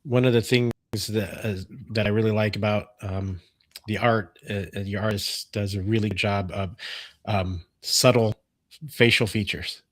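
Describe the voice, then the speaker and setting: Man, podcast host, casual chat, easygoing, lowish voice, dry sound, video call. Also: fairly even intonation, normal speed, fairly bright tone, no room sound. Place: home.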